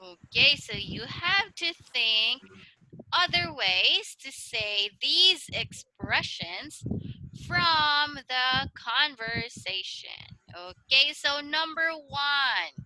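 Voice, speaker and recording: A woman tutoring English one-on-one over a video call, speaking slowly and encouragingly and modeling intonation for her student. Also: high voice, expressive, bright, forceful tone, no room sound, poor audio.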